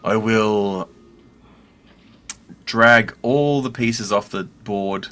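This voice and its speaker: A man playing a tabletop game, describing his character's actions and sometimes bellowing loudly in character. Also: fairly low pitch, extremely slow. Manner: bursts into loud bellowing when in character. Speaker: player.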